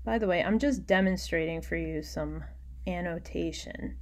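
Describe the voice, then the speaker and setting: A woman teaching a recorded poetry lesson, explaining patiently and muttering quiet asides to herself while she annotates on screen. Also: on the low side, normal speed.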